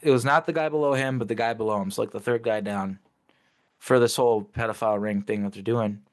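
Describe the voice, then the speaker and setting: A man's voice: fairly low pitch, steady tone, fast talker. A man talking as an interview guest, recounting memories casually but intensely and swearing freely.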